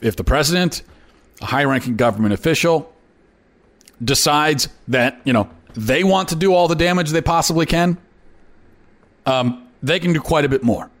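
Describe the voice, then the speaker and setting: A man hosting an opinion commentary show, talking emphatically and often repeating words for effect. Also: a little high. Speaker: host.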